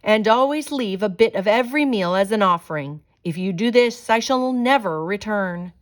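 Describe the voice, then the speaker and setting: A woman's voice: medium pitch, lively intonation, normal speed, voice pushed up, lightly acted. A woman voicing a clever young female hyena who speaks with commanding authority. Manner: commanding, solemn. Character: clever young girl hyena posing as spirit.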